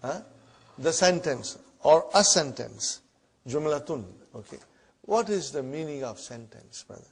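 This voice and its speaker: A man teaching a classroom Arabic lesson in English, repeating words slowly and checking in with the students as he goes. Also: on the high side, expressive, breathy edge. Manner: repeats words slowly, often asks "huh?" and "brother".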